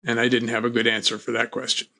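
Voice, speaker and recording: Male interview guest, mid-pitched, calm reflective storytelling, wry. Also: fast. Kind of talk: personal storytelling.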